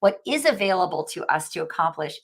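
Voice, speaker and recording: A woman's voice: on the low side, expressive. Earnest, reflective woman host in her forties. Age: 40s. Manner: reflective, earnest, halting restarts. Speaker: podcast host. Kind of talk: casual conversational interview.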